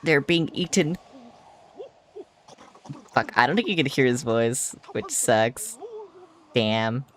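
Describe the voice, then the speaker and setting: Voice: mid-range voice, lively intonation, takes it slowly, pauses often, fairly bright tone. A streamer giving casual live commentary over a video game, sarcastic and swearing often.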